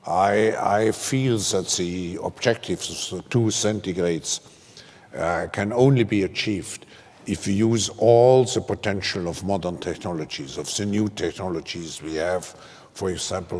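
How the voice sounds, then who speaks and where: A male moderator with a very deep voice speaks haltingly, searching for words between fillers. The sound carries the long reverb of a large hall. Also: steady tone, darkish tone. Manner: halting, many fillers and restarts. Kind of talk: onstage conversation. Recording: echoey hall.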